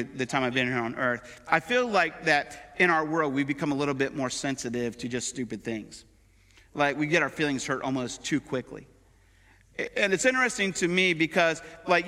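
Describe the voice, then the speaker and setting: Middle-aged pastor man preaching casual-like, bright forceful voice, long church echo. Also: high-pitched. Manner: conversational preaching with everyday examples. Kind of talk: sermon. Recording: long hall reverb.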